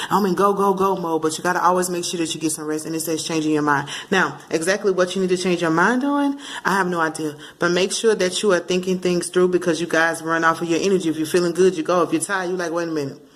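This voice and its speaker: A woman giving a casual tarot reading to camera, animated and playful, slipping into bits of song and acted asides. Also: fairly low pitch. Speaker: tarot card reader.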